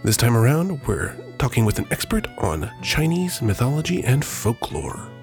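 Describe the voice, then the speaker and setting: A man's voice: medium pitch, big pitch swings, moderate pace, darkish tone, faint music behind. A man hosting a podcast, reading a scripted introduction and a folktale with a dry, playful delivery. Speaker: podcast host. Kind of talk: scripted narration.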